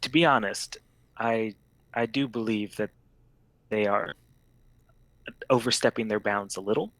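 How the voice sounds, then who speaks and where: A man playing a reserved young templar who speaks formally and hesitates before committing to words. His voice is low and slow, recorded close and dry. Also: fairly bright tone, no room sound, poor audio. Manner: halting, modest, formal.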